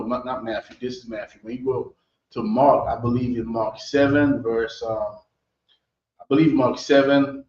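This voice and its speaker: Male teacher, measured emphatic scripture lesson, echoey lo-fi room recording. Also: mid-range voice, darkish tone. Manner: emphatic, checks in with "right?" often. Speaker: teacher of a scripture history class. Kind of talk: preaching-style scripture lesson. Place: meeting hall. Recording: roomy, dull lo-fi recording.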